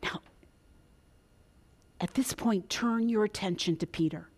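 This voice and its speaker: A woman's voice: mid-range voice, measured pace, a little mellow, slightly rough. A woman preaching a sermon, dramatic, dropping to a whisper and rising for emphasis.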